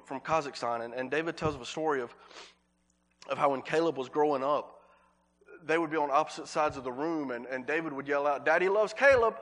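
A man preaching a sermon as pastor, earnest, repeating words for emphasis and slowing on key phrases. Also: a little high, a bit bright.

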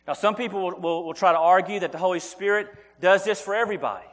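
A man's voice: sits high, fast talker, fairly bright tone. A man preaching a sermon as pastor, earnest and repeating words as he presses his points, calling the listeners folks. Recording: long hall reverb.

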